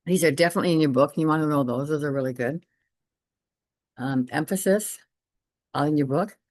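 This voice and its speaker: A woman art teacher walks through slides in a casual, chatty lecture, repeating points and gushing over examples. Her voice sits low. The sound is dry and close, with no room around it. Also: darkish tone, no room sound. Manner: enthusiastic, repeats herself, brisk asides.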